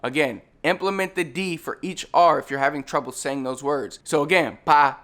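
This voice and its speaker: A man gives a relaxed spoken lesson, talking straight to the viewer. His voice sits a little on the high side. He slows down to repeat practice syllables over and over, coaching patiently. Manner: repeats drill sounds slowly, coaching the viewer. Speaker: language teacher.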